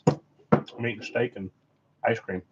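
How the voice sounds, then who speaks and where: A man's voice: lowish voice, slow, very noisy. Easygoing guy chatting on his stream while he solders, laughs a lot, kinda muffled lo-fi audio. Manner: relaxed, rambling, laughs a lot. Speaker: electronics repair streamer. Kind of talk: casual live stream chat while soldering.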